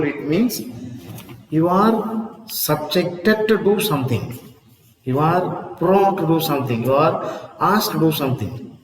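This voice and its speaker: A man, teaching a lesson in a slow, repetitive way and often asking "see?" and "huh?". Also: on the high side. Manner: slow, repeats each word, asks "see?" and "huh?". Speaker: English teacher. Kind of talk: classroom lesson. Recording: echoey room with long reverb.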